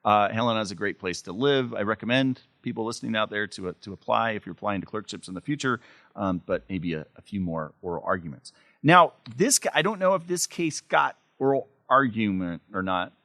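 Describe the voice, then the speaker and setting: A man's voice: lowish voice, lively intonation, brisk, bright, forceful tone, dry recording, studio quality. A man hosting a live legal podcast panel, chatty and easygoing as he shares anecdotes. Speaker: podcast host, moderator. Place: law school lecture room with student audience.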